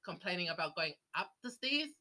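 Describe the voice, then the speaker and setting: A woman chatting casually as a podcast guest, self-deprecating and quick to laugh. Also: fairly low pitch, very animated, sharp tone. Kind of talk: casual chat.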